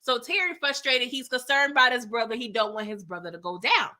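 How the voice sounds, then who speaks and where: High, bright-voiced woman recapping a show. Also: fairly quick. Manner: animated, slangy, chatty retelling. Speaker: TV recap host. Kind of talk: live TV episode recap.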